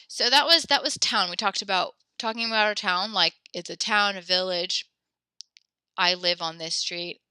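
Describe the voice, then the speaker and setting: A woman's voice: lowish voice, pushed and bright, clean tone, dry recording, studio quality. A woman teaching an online class, talking casually, correcting herself and encouraging her students. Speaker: French teacher.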